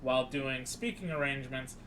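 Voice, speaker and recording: A young man co-hosting a podcast, recapping a film in casual chat and acting out the characters' lines in an animated way. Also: mid-range voice, brisk, slight background noise. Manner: animated, acts out quoted lines with raised voice. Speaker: podcast co-host.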